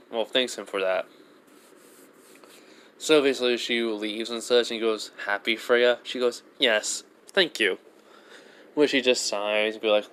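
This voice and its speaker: Man, rambling fan-fiction storytelling, lots of fillers and restarts, plain mid-pitched voice. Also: a bit bright, smooth. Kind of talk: improvised fan-fiction narration.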